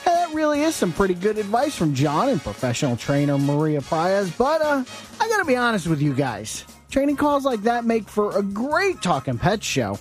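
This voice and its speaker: Lively, breezy male radio announcer. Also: high-pitched, normal speed, soft background music. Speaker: show segment host. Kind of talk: scripted radio segment intro.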